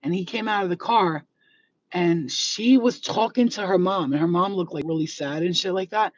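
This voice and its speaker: This lowish-voiced woman speaks at normal speed with no room sound, though the phone audio is distant, dull, and lo-fi. She's a spiritual vlogger sitting in her car, chatting through a live-stream story with many fillers and plenty of profanity.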